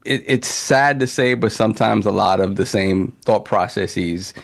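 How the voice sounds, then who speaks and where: A man's voice: on the low side, unhurried, creaky. A man co-hosting a casual gaming podcast, talking in long opinionated runs with many restarts. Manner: rambling, opinionated, repeats himself. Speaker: podcast co-host.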